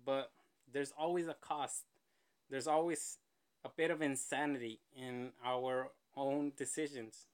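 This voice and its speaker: A man's voice: medium pitch, steady tone, a little slow, clean tone. A man hosting a casual reaction show, rambling and joking between clips. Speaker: host reacting to a video.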